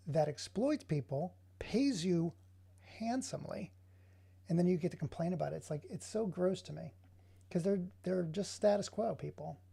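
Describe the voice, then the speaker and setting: His voice is high-pitched, gravelly and warm, edged with breath, as he offers casual commentary on his digital art. Every so often he veers into sarcastic, rambling rants.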